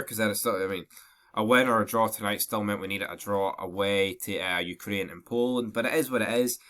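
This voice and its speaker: A man's voice: fairly low pitch, bright, forceful tone. A young Scottish man with a throat infection and stuffy nose, ranting bluntly and mockingly through a casual football match review. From Scotland. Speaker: football vlogger.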